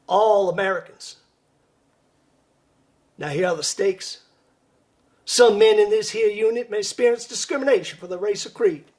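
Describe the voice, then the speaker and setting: A man playing a male army commander in a Deep South accent, giving a loud, stirring, solemn speech to his troops.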